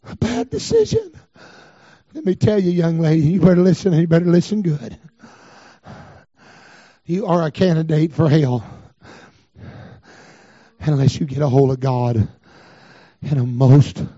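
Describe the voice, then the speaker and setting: Fervent high-voiced preacher. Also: male voice, animated, a little slow, long pauses, no echo. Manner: fervent, breaking into shouted cries, then dropping low. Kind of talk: revival sermon. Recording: dull, dry recording.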